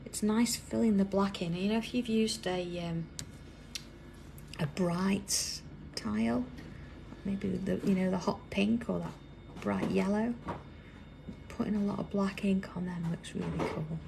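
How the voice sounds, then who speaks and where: Streaming a live craft tutorial from her busy workroom, a British woman speaks in a gravelly, fry-tinged voice of medium pitch, steady and measured. She chats easily but slips into near-whispers while drawing, over a constant background hum.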